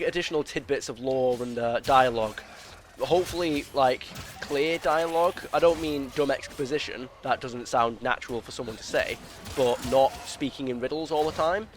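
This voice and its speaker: A man's voice: mid-range voice, slight background noise. Man rambling through gameplay commentary. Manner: rambling, many restarts and filler words; opinionated, explains at length. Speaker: gaming video creator.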